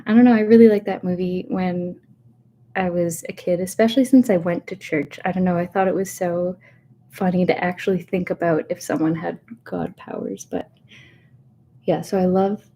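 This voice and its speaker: Woman, 30s, soft-spoken livestream chat, mellow tone, rambling, slightly nervous, webcam mic. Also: on the low side, a little hiss or hum. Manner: rambling, chatty, self-interrupting with fillers. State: a little nervous. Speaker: ASMR host. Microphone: webcam setup.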